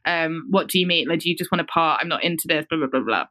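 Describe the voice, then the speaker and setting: A woman putting on a dismissive male studio boss in a lowered voice while telling a story. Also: fast talker, fairly bright tone, slight background noise. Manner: curt, bored, lowered voice.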